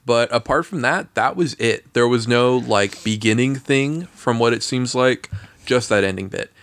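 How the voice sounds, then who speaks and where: A man's voice: medium pitch, moderate pace, no room sound. Laughing man telling a story, dry room. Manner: animated storyteller, laughs often, mimics people. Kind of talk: casual chat.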